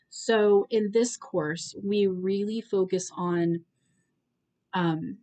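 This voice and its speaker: A woman's voice: mid-range voice, darkish tone, poor audio. A woman teaching a course in a casual spoken style, earnestly explaining step by step and checking in with her listeners. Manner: conversational, checks in with "right?" and "okay?". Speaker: course instructor.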